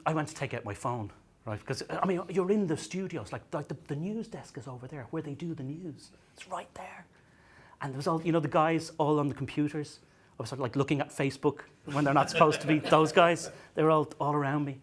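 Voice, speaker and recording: A man's voice: fairly high pitch, slight background noise. A man performing a stand-up comedy set on a venue stage, self-deprecating, with stammering restarts and acted-out dialogue.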